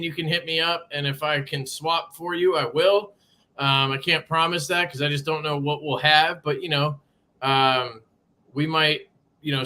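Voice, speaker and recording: A man's voice: on the high side, sharp tone. A man hosting a casual live stream from a sparse room at home, greeting chatters by name in a loose, swearing way. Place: home room being moved into.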